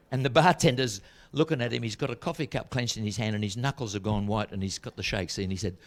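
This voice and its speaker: A man telling jokes on stage in a relaxed, chatty storytelling manner. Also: lowish voice, quick pace, hardly any pauses. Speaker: comedian. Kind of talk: stand-up joke telling.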